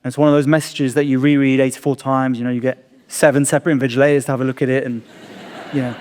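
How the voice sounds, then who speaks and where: A man's voice: mid-range voice, little pitch movement, rapid-fire, darkish tone, clean tone. A man in his thirties, a stand-up comedian telling a self-deprecating story on stage and acting out his own thoughts. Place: live comedy venue. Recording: long reverb of a performance hall.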